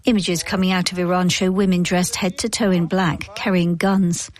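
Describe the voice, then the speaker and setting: A woman reporter giving scripted news narration in a measured, grave way. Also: lowish voice, flat delivery.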